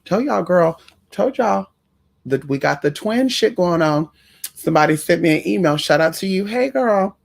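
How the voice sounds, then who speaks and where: A man's voice: sits high, expressive, normal speed, gravelly. A man hosting a casual livestream as a spiritual reader, talking in a sassy, profane, campy way and greeting viewers by name. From Puerto Rican family in the US.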